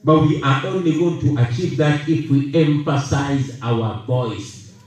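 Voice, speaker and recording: A Ugandan man in his thirties giving a rallying speech to an audience, emphatic and deliberate, leaning on repeated key phrases. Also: on the high side, a little mellow. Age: 30s. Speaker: political speaker. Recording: echoey room, voice heard from a distance.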